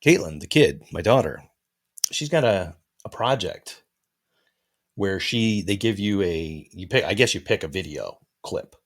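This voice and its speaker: A man's voice: sits low, expressive, unhurried. A tired middle-aged man hosting a podcast, chatting in a rambling, easygoing way. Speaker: podcast host. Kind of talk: casual chat.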